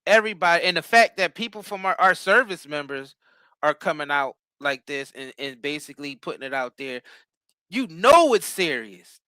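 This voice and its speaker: A man's voice: a little high, animated, normal speed, bright, forceful tone, clean tone, no echo. A man in heated casual political talk, emphatic and repeating words as he builds his point.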